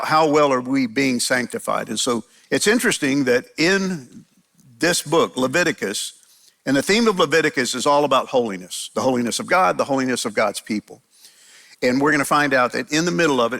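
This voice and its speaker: Bright-voiced male pastor preaching. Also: mid-range voice, creaky. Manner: conversational preaching with frequent restarts. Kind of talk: sermon.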